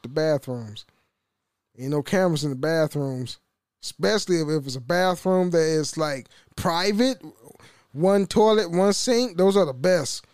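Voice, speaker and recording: Casting: young male podcaster, slightly high voice, loose profane rambling, dry close sound. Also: measured pace, darkish tone, clean tone, dry recording. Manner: rambling, profane, laughs often, restarts. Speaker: podcast host. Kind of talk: casual solo podcast rant.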